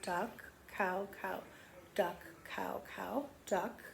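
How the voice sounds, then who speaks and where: A woman teacher giving a remote lesson to young children, counting slowly in a gentle, sing-song, encouraging way. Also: medium pitch, fairly even intonation, gravelly.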